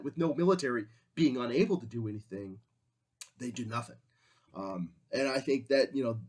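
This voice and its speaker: A man teaching a history class in a conversational way, often acting out quotes in different voices. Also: mid-range voice. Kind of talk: classroom lecture.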